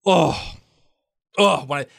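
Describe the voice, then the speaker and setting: A man co-hosting a casual podcast recap, excitable and slangy, often trailing off mid-sentence. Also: a little high, slow, vocal fry, no echo, studio quality. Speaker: podcast co-host.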